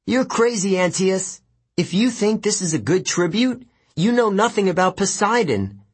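A man voicing a defiant teenage boy hero in a storybook, his voice pushed high and husky. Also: big pitch swings, slow, full character voice. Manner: defiant, sharply raised. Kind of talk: audiobook narration.

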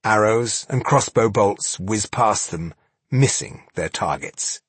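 A man reading fantasy fiction aloud as an audiobook narrator, with dramatic, measured storytelling. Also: lowish voice, animated, fairly bright tone, slightly rough, no echo.

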